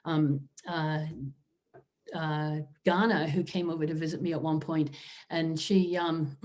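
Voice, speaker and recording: A woman's voice: deep voice, fairly even intonation, takes it slowly, darkish tone. A woman professor giving a conversational philosophy lecture over a video call, often adding asides to the audience. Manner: informal, frequent "you know" and "right?" asides.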